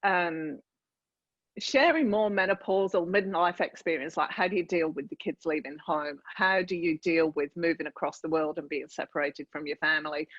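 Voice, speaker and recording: A woman in her fifties from northern England, chatting as a podcast guest over a remote call, lively and full of restarts. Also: deep voice, normal speed, no room sound, dull audio. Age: 50s. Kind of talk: casual interview chat.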